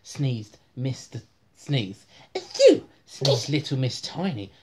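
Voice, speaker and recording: A woman's voice: rumbling low, expressive, slow, background noise. A woman reading a bedtime story aloud to her children at home, often breaking into laughter as she reads.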